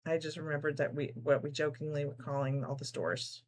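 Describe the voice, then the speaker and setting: A middle-aged woman from New Jersey hosts a relaxed live sew-along. Her voice sits a little low, and she chats easily, laughs often and reads viewers' messages aloud while she works. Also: brisk, breathy edge. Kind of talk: casual live-stream chat while sewing.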